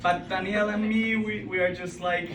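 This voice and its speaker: A young man with a Colombian Spanish accent, a native Spanish speaker, telling a stand-up story on a club stage, halting and full of fillers and restarts. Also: high voice, steady tone, noisy background. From Colombia (Bogota). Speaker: stand-up comedian. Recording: roomy club sound from far off, loud crowd. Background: audience laughing.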